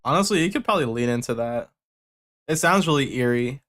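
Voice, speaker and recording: A man's voice: medium pitch, animated, fairly quick, fairly bright tone, soft background music. A young man hosting a livestream, bluntly reviewing submitted tracks with casual joking and swearing. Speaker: music producer giving feedback on submissions.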